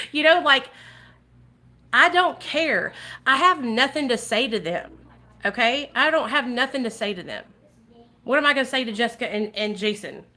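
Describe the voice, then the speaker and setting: Animated, bright-voiced woman streamer. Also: a little high. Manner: animated, swearing, talks to viewers. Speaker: vlogger. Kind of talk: casual livestream commentary.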